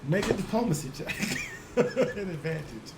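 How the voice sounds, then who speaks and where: A man from Chicago running a tabletop game, animated and emphatic with casual profanity. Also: high voice, moderate pace, gravelly, noisy background. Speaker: game master. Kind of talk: tabletop game narration and banter.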